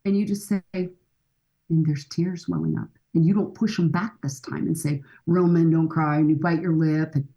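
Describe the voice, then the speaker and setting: A woman's voice: low-pitched, steady tone, moderate pace, vocal fry, warm tone, lo-fi sound. A middle-aged woman speaking as a guest expert in a podcast conversation, earnest and coaching, often acting out bits of dialogue.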